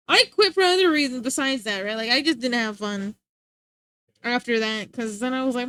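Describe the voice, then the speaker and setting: A woman's voice: high voice, expressive, measured pace, pauses often, fairly bright tone, dry recording. A young woman streamer chatting casually, rambling and laughing often.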